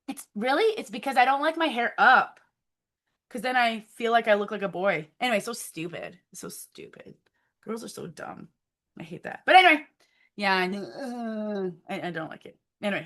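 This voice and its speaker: A woman leading a motivational video call for her sales team, upbeat and coaching, breaking into excited affirmations. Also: high-pitched. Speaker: team leader.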